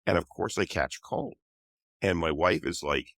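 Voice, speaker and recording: A man's voice: low-pitched, a little slow, a bit bright, no room sound. An older man with a cold, patiently explaining ideas as a guest author in an interview. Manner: patient, teaching tone. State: has a cold.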